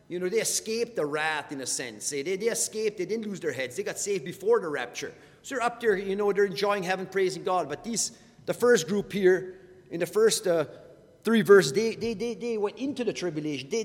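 Man, bible study teacher, slightly high voice, stammering repeats, long hall reverb. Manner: repeats words often while teaching.

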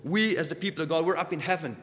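A man preaching a sermon who stumbles over repeated words and surges louder on key points. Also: on the high side, fast, big-room sound.

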